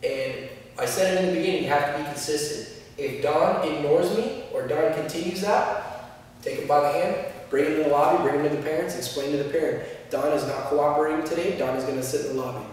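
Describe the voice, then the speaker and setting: A man's voice: on the high side, fairly quick. A male martial arts instructor explaining class methods in a practical way, acting out short examples as he teaches. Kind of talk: instructional talk. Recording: echoey room, distant mic.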